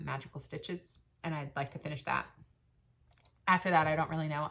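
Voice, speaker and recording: A woman's voice: deep voice, vocal fry, sharp tone. A woman in her thirties talking through her stitching plans and a fundraiser in a casual, rambling vlog, with many ums and restarts. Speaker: cross stitch vlogger and shop owner. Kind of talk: casual chat.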